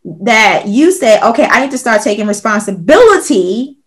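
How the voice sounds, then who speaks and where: A woman's voice: fairly high pitch, very animated, normal speed. A woman podcast host affirming her guest and reflecting on overcoming trauma in an encouraging way. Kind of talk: casual interview conversation.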